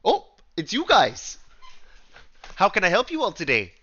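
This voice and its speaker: A man's voice: high voice, wildly swooping pitch, measured pace, a bit bright, dull audio, pitched above the performer's own voice, heavily acted. A man voicing a chirpy female owner of a magic shop, with a Canadian accent and a habit of tacking "eh?" onto her lines. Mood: cheery. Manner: bubbly, tags lines with "eh?".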